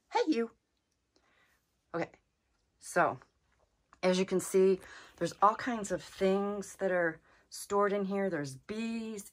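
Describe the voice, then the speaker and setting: A woman vlogging as she explores an abandoned cabin attic, nervous and exclaiming, talking to her viewers and to the animals she finds. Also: on the low side. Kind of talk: hushed exploring vlog.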